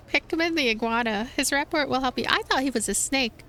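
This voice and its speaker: A woman's voice: on the high side, expressive, fairly quick, few pauses, a bit bright, slight background noise. Chatty woman commenting on gameplay. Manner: chatty, amused. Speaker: let's play host.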